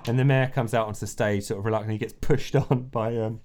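A man's voice: lowish voice, fairly even intonation, fast, a little mellow. A man narrating a tabletop role-playing game as game master, rambling and often laughing between scene descriptions. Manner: rambling, with many fillers and restarts, often laughing.

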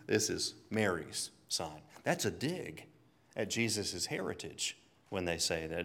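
A man's voice: lowish voice, very animated, slow, creaky, fairly bright tone. A man preaching a conversational sermon, chuckling often and telling stories between scripture readings.

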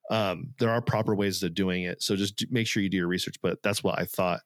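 A man's voice: sits low, fairly even intonation, a little fast, dry recording, studio quality. A man co-hosting a podcast, talking casually and earnestly, rambling with fillers and restarts. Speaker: podcast co-host. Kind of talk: casual chat.

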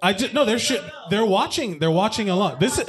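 A man's voice: high-pitched, lively intonation, a little fast, a crowd in the background. A man hosting a casual movie commentary podcast, joking and swearing as he rambles with restarts. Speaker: podcast host.

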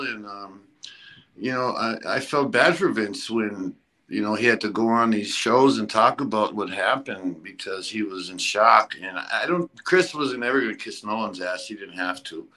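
A man who used to wrestle, telling road stories in a casual interview, halting and rambling with lots of fillers and blunt swearing. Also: mid-range voice, sharp tone, rough recording. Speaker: former pro wrestler guest.

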